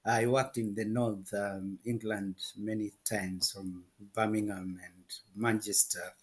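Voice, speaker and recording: A man hosting an online talk show, enthusiastic and quick to repeat his praise. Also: on the low side, little pitch movement. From Africa. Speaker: host.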